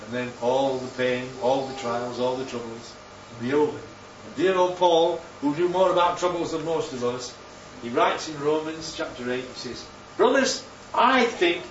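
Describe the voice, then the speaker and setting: A man preaching a sermon, animated and full of rhetorical questions, his voice leaping up for emphasis. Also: medium pitch, normal speed, few pauses, a little hiss or hum. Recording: roomy, distant, dull sound with faint ambience.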